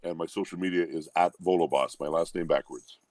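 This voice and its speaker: A man, a guest voice actor, talking in a relaxed interview in a reflective, humble and unhurried way. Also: deep voice, no room sound.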